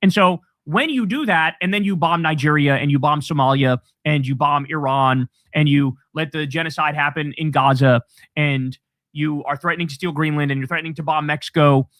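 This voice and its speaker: A man's voice: a little high, fairly bright tone, no room sound. A man delivering angry, profane political commentary on a livestream, ranting sarcastically.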